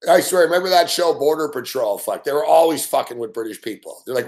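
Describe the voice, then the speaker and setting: Host, middle-aged man from Canada, slightly high voice, brash, profane, laughing rambler. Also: animated, quick pace, a little mellow. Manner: rambling, brash, swears constantly, laughs often. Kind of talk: profane late-night betting chat.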